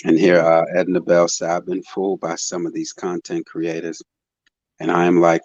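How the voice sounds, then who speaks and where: Deep-voiced man hosting a live chat. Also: completely flat delivery, moderate pace, no room sound, highs cut off. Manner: greets chat members warmly by name, musing tone. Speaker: host of a live panel stream. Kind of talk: casual live-stream chat.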